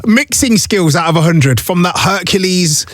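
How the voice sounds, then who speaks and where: A male radio host interviewing a guest over a video call, playful and quick to laugh. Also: sits high, lively intonation, fairly bright tone, no room sound, studio quality.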